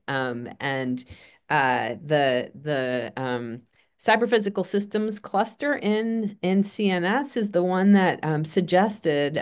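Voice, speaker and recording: Very low-voiced woman moderator. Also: clean tone. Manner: halting, filler-heavy phrasing. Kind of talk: introducing a speaker.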